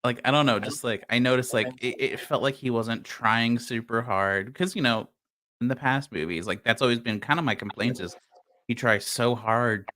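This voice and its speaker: Bright-voiced man in laid-back chat. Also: medium pitch, normal speed. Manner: hedging, loose, with lots of filler words. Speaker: podcast co-host. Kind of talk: casual movie-review chat.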